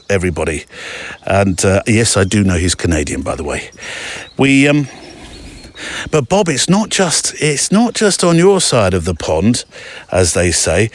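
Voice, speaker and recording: An English man hosting a podcast, reading listener letters aloud in a chatty, self-deprecating way with lively asides. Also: fairly low pitch. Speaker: podcast host.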